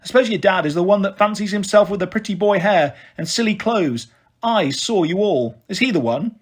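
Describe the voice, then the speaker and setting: A man's voice: sits high, brisk. A man reading aloud and voicing a nosy, disapproving older female neighbour with a sniffy, gossipy manner.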